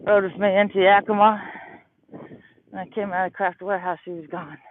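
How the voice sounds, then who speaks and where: Thirtysomething guy livestreaming on a hill walk, kinda high voice, out of breath, rambly, sounds like a phone line. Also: little pitch movement, fairly quick, a little hiss or hum. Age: 30s. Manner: rambling, storytelling. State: out of breath from walking uphill. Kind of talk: casual livestream chat while walking. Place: outdoors on a hillside.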